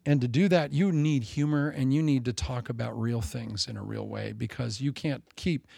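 A man in his forties preaching a sermon, animated and joking, with self-mocking asides. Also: medium pitch, moderate pace, creaky, no echo. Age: 40s. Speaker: pastor.

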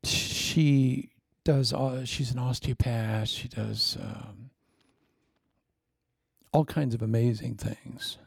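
A man preaching a sermon, telling stories with lively swings from shouts down to hushed whispers. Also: mid-range voice, slow pace, vocal fry, long pauses, breathy edge, dry recording, clean studio sound.

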